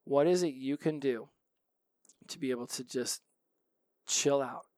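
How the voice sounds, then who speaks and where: A man hosting a solo self-help podcast, telling stories in a chatty, animated way. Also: medium pitch, measured pace, dry recording. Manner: chatty, animated storytelling with laughs. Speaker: podcast host.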